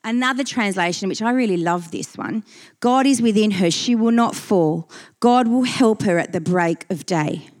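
A woman's voice: medium pitch, normal speed, darkish tone. A woman preaching a sermon, earnest and emphatic, reading scripture and repeating key phrases for weight.

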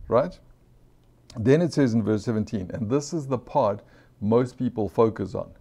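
A man's voice: mid-range voice, normal speed, dark tone, dull audio. A man preaching an informal sermon, earnest and conversational, repeating phrases for emphasis and asking his listeners questions.

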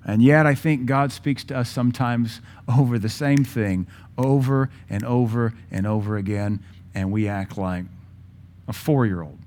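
A man in his forties preaching a sermon with passion, using dramatic pauses and acting out voices from scripture. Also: medium pitch, a little mellow. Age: 40s. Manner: impassioned, dramatic pauses, mimics Bible voices.

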